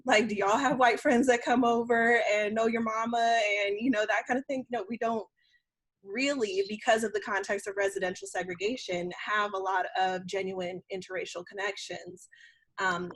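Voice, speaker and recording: A young woman lays out a structural argument on a discussion panel, drawing on research. Her voice is husky and sits in a middle range. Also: medium pitch. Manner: analytical, cites research.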